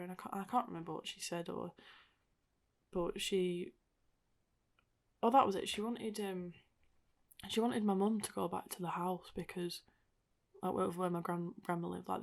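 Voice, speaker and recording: A woman's voice: lowish voice, level tone, normal speed, gravelly. A young woman hosting a podcast, talking through her thoughts in a rambling, reflective monologue full of "like" and "sort of.". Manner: rambling and reflective, heavy use of "like" and "sort of" fillers. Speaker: podcast host.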